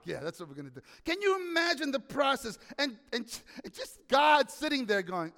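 A male pastor preaching a sermon in a church, animated, often asking the congregation questions. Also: high voice, normal speed, in a large hall.

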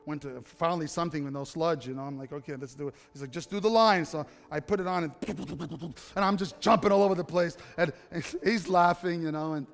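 A man's voice: fairly high pitch, brisk, creaky. A male pastor preaching a sermon, telling a personal story and acting out the dialogue before building to impassioned appeals to the congregation. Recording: long hall reverb with faint music.

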